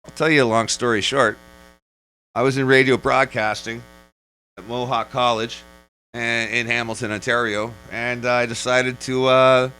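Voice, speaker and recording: A man in his forties rants casually into the camera. His voice is bright and sits at a middling pitch. He rambles, swears freely and keeps restarting his sentences. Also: little pitch movement, moderate pace, clear, resonant tone, rough recording. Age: 40s. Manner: rambling and profane, full of restarts and digressions. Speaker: vlogger. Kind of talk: casual rant.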